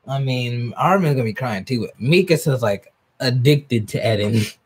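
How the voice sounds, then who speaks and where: A man's voice: unhurried, breathy edge. A young man live-streaming a manga reaction, reading aloud, laughing often and talking to his chat. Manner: excitable, laughs often, jumps up in pitch when hyped.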